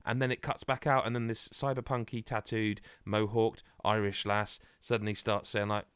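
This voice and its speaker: A man's voice: lowish voice, moderate pace, clear, resonant tone, no echo. Rambling man on a podcast. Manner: rambling, animated, many restarts. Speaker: podcast co-host. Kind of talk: casual chat.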